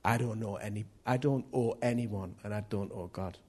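A man's voice: lowish voice, moderate pace, warm tone, husky. A man preaching a sermon in a chatty, jokey way, laughing at himself as he tells stories.

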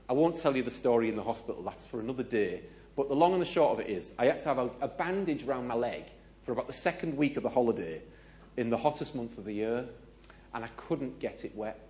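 British male speaker, lively anecdotal sermon delivery, medium pitch, slightly muffled live capture. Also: a little fast. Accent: British English. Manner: animated, asks audience questions, acts out dialogue. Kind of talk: storytelling sermon.

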